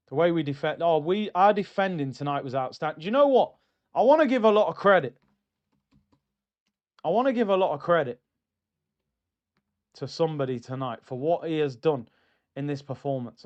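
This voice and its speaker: Young guy hosting a footy watchalong stream, high voice, chatty, kinda lo-fi mic. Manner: excitable, chatty, reads out viewer comments. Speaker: football streamer host. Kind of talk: casual football watchalong livestream chat.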